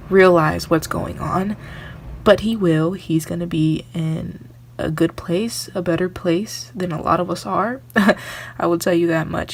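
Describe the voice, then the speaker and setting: A young woman with a lowish voice talks straight to camera as she gives a psychic medium reading. She is earnest and rambling and circles back over the same phrases. A faint hiss sits under her voice. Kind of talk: spiritual reading vlog.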